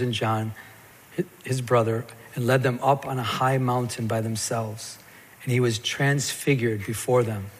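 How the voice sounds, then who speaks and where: A man preaching a sermon as a pastor, telling the scripture story in a lively way and acting out the stammering parts. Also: mid-range voice, a little hiss or hum. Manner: animated storytelling, acts out Peter's stammer. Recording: long hall reverb.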